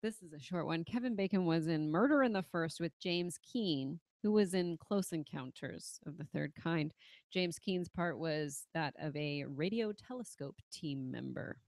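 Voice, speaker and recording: An easygoing woman hosting a podcast, bantering and laughing with her co-hosts. Her voice sits a little low, and the close studio mic gives a dry, tight sound. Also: lively intonation, measured pace, darkish tone, dry recording. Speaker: podcast host. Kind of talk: casual chat.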